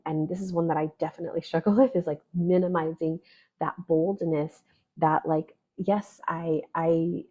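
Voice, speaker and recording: A woman's voice: low-pitched, dark tone, breathy edge. A woman astrologer giving a casual spoken forecast, chatty and full of "right?" and "like". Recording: dull lo-fi audio.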